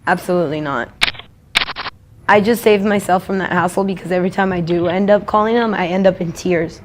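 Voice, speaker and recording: A woman's voice: fairly low pitch, a little fast. Woman interviewee, rambling blunt talker who swears a lot, noisy street recording behind her.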